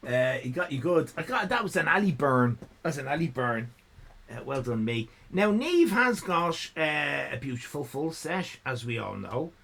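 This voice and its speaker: A man's voice: a little high, sing-song, creaky, fairly bright tone, breathy edge. A man hosting a live comedy stream, judging drawings in a playful, teasing way. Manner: playful, teasing, drawn-out delivery. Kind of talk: casual comedic livestream chat.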